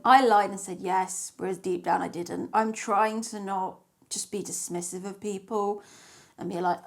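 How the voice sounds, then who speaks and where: A young woman talks straight to her audience in a relaxed storytelling vlog. She is candid and dryly sarcastic and drops the odd swear word as she goes. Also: mid-range voice, unhurried. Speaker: dating vlogger. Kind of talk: casual storytelling to camera.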